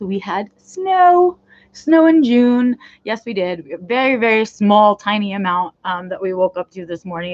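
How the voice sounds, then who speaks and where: Out in her backyard and feeling cold, this woman runs her own live stream, shivering while she chats and rambles with plenty of fillers. Her voice is mid-range, and the highs are cut off in the audio.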